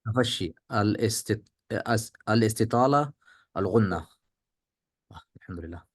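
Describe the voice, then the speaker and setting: A man reading a textbook aloud in class, halting over unfamiliar terms. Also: on the low side, husky, no room sound, clean studio sound. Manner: reads lists haltingly, unsure of terms.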